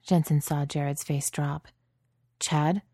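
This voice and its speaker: A woman reading a story aloud in calm, even narration. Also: deep voice, a little fast, no echo, studio quality. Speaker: audiobook reader.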